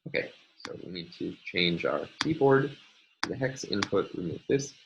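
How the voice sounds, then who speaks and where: A man's voice: low-pitched, very animated, moderate pace, vocal fry, background noise. A man giving a recorded linguistics lecture, explaining step by step with frequent ums and uhs as he annotates on screen.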